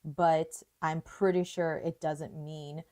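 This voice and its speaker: A young woman hosts a live watercolor painting tutorial, chatting casually, thinking aloud and laughing often. Her deep, warm voice is delivered flatly at a slow pace.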